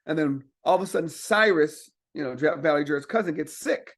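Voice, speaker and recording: A man with a notably high voice tells a story in casual talk. He is animated and profane and acts out the voices of the people in his story. He speaks as a comedian guest. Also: brisk.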